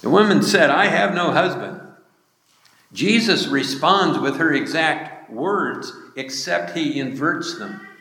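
Male pastor, sermon, unhurried and deliberate, long hall reverb. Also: on the high side, lively intonation, sharp tone. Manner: slow, deliberate preaching with emphatic rises. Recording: echoey hall.

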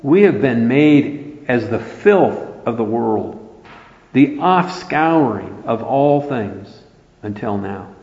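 A man delivers an earnest, emphatic sermon at a slow, deliberate pace. His voice rings through a roomy hall with a long reverb tail. The recording itself sounds dull and lo-fi. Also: medium pitch, expressive, darkish tone. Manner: earnest, emphatic preaching with scripture quotes. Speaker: preacher.

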